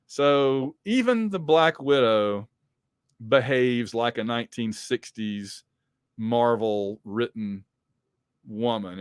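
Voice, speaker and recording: A man's voice: medium pitch, dry recording, clean studio sound. A man hosting a podcast, reading comic books aloud with chatty, wry commentary. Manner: chatty, wry asides, many fillers. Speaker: podcast host.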